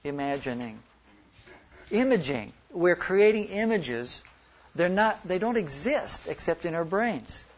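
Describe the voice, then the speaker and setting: A man from Oklahoma and Texas teaching a Bible study workshop, who slows down to stress single words when he reads scripture. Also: high-pitched, big pitch swings, muffled recording.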